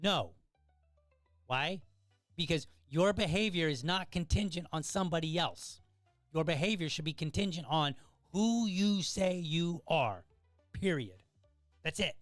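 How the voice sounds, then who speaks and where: A man delivers opinion commentary in an emphatic, lecturing tone and fires off exasperated rhetorical questions. His voice sits a little high for a man. The sound is dry and close, with faint music underneath. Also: expressive, a little slow, pauses often, a bit bright, no room sound. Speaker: podcast host.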